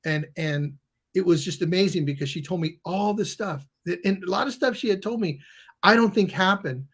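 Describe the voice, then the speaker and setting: A man's voice: sits high, normal speed, slightly rough. A middle-aged man, a guest coach and author, telling a story in conversation and acting out the people in it. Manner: animated, acts out the people in his stories.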